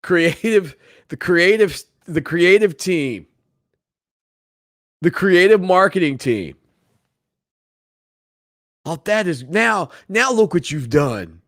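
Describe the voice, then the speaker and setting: A man's voice: high-pitched, lively intonation, takes it slowly, long pauses, dry recording, clean studio sound. A man hosting a sports talk show in a casual, playful way, joking with viewers. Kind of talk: casual chat.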